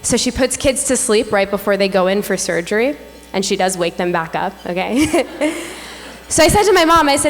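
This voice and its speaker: A woman's voice: medium pitch, normal speed, faint music behind. A young woman in her twenties emceeing a gala with a playful, self-mocking stand-up comedy set on a stage mic. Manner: animated punchline delivery, playful and self-mocking. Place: stage at a large gala hall. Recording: echoey hall, faint room ambience.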